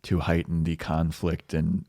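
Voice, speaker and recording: A man co-hosting a movie review podcast in casual chat, relaxed, laughing often, with many fillers. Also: low voice, unhurried, dry recording, clean studio sound. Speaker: podcast co-host.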